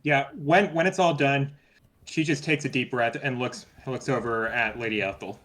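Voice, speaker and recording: A man's voice: medium pitch, steady tone, moderate pace, a bit bright. A man playing a tabletop role-playing game, narrating his character's actions hesitantly, with many restarts. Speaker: player.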